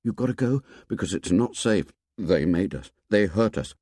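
A man voicing frightened boy twins who plead in hurried, lowered voices, in a storybook reading. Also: expressive, mellow, slightly rough, no room sound, clean studio sound. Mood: urgent, fearful.

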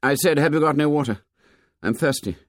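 A man voicing a hot-tempered boy hunter who talks in clipped, insistent bursts that flare into shouts. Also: fairly high pitch, fairly quick, dry recording, studio quality, pitched above the performer's own voice, close to an everyday voice. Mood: demanding.

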